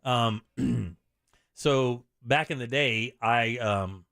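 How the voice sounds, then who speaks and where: A man's voice: mid-range voice, extremely slow, gravelly, a bit bright, no room sound, clean studio sound. A middle-aged man hosting a radio show, telling a story in casual chat and acting out the lines he quotes.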